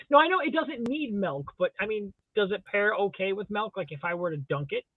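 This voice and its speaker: A man co-hosting a live drawing stream in casual chat, joking playfully with deadpan exaggeration. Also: high-pitched, moderate pace. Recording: tinny phone-like sound.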